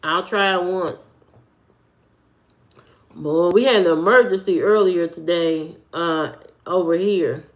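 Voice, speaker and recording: A woman's voice: on the low side, slow, pauses often. A woman live streaming from home, chatting loosely with viewers and reading their comments in a rambling, talkative way. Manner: rambling, loose and talkative, with frequent fillers and repeats. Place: at home, indoors.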